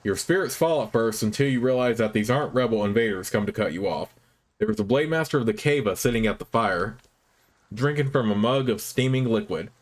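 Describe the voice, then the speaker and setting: A man hosting a let's play, reading the game's narration aloud in a measured, even way. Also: medium pitch. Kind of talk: reading game text aloud.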